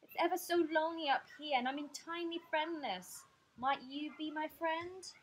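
Shy lonely giant, soft and pleading, a bit high, teacher doing the voice. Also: female voice, moderate pace, a little hiss or hum, natural voice. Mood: bashful.

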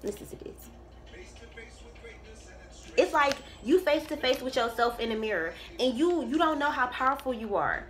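A woman's voice: sits high, lively intonation, fairly quick, hardly any pauses, a bit bright. A woman giving a casual tarot reading to camera. She talks in an emphatic, profane and preachy way, rambling and restarting her sentences. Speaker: tarot reader.

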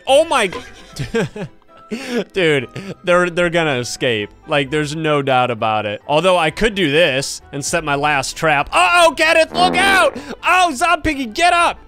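A young man giving excited gameplay commentary, laughing often and yelling at other players. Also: a little high, clean tone. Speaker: gaming YouTuber.

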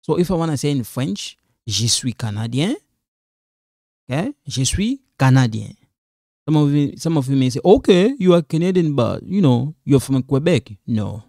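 A man's voice: a little high, animated, fairly quick, hardly any pauses, warm tone, no echo, studio quality. A man teaching French, patiently repeating phrases for learners as he goes through a quiz. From Congo. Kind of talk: quiz walkthrough lesson.

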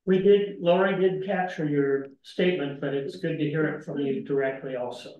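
A man on a committee explaining a point at a public meeting in a deliberate way. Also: fairly high pitch, steady tone, highs cut off. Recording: distant, echoey meeting room.

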